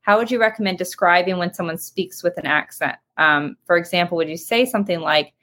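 A woman moderates a question-and-answer session, passing along audience questions. Her voice sits somewhat low for a woman. She speaks hesitantly, filling pauses with frequent ums. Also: fairly bright tone. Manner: hesitant, many filler ums. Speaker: host. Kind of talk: moderating a webinar Q&A.

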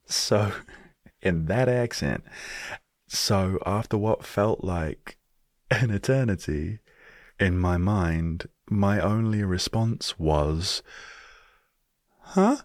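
A man's voice: low voice, takes it slowly, no room sound, clean studio sound. A British man hosting a solo storytelling podcast, talking with wry, self-deprecating humor. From Britain. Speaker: podcast host.

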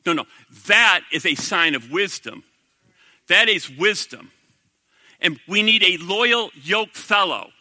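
A middle-aged male pastor preaching a sermon in a conversational, animated way, full of rhetorical questions to the congregation. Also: high voice, slow pace, no room sound.

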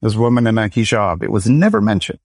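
Low-voiced reflective middle-aged man. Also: sing-song, fast talker, creaky, a little mellow, dry recording, studio quality. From Michigan, United States. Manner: reflective, storytelling with quoted dialogue. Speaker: guest, actor and educator. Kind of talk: conversational interview.

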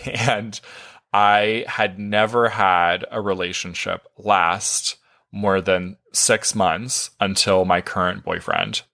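A man's voice: lowish voice, pushed and bright. A man hosting a self-help podcast as a life coach, talking in a candid, casual monologue, swearing freely and laughing often.

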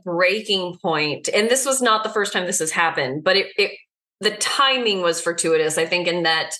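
A woman with a mid-range, pushed and bright voice co-hosts a podcast. In casual chat she tells a story candidly and easily, laughing readily.

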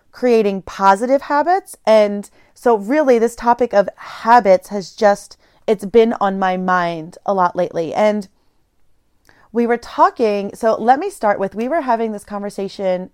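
A woman in her thirties with a smooth mid-range voice hosts a solo podcast at normal speed, recorded in studio quality with no echo. She thinks aloud in a reflective, meandering way and restarts her sentences often.

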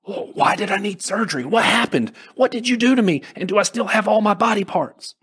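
A man's voice: high voice, lively intonation, a little fast, a bit bright, husky, voice pushed up, heavily acted. A man voicing a frightened young man who has just woken from surgery, stammering anxious questions. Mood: alarmed.

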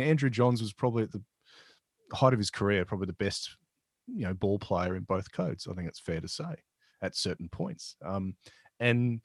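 A man's voice: medium pitch, no room sound, studio quality. A man hosting a podcast, telling a sports story casually with lots of restarts. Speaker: podcast host.

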